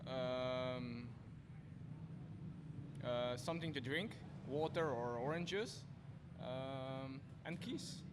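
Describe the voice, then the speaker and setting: A man giving short hesitant answers to quick questions. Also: mid-range voice, background noise.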